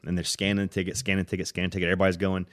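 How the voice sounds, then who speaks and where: Animated male podcast host telling stories. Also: racing. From United States. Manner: animated storyteller, acts out voices with loud high-pitched impressions. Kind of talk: casual storytelling chat.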